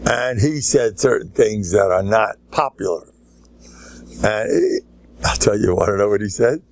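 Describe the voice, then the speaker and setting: An older American man from Lakewood, a rabbi giving a humorous Torah lecture, joking and animated, mixing Yiddish and Hebrew words into his talk. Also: lowish voice, unhurried, gravelly, dry recording.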